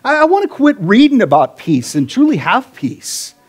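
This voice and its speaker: A man's voice: very high voice, wildly swooping pitch, normal speed, breathy edge. A middle-aged man, a pastor, preaching a sermon in a casual, conversational way with slang.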